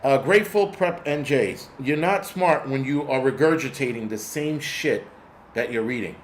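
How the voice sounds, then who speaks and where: Hosting a casual vlog, this man rants in a blunt, angry way and swears plenty. His voice is mid-range at a moderate pace, with slight hiss or hum present.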